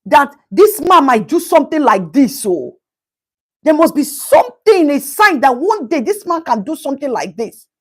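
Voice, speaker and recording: A woman with a high voice runs a casual live stream at normal speed, reacting animatedly to a news story. She greets viewers by name and drops in asides in Pidgin.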